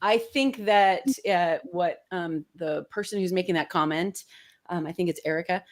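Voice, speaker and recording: Lower-voiced woman guest, gushing and hesitant. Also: moderate pace. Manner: warm, gushing, hesitant with ums. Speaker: call-in guest. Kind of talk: casual chat.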